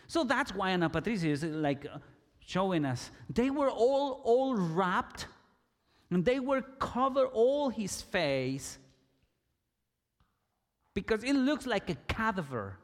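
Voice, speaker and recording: A man preaching a sermon, slow and emphatic, sometimes rising to loud cries. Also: high voice, big pitch swings. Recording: long reverb in a hall.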